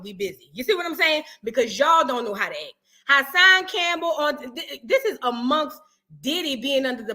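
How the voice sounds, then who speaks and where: A woman hosting a live reaction stream, joking and animated in heavy slang. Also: high voice. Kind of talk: casual live-stream commentary.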